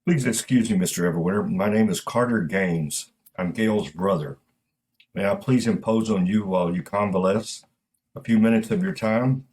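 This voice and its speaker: A man voicing a formal, courteous gentleman of about forty who apologizes for imposing, in a spoken story. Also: fairly low pitch, moderate pace, breathy edge, rough recording.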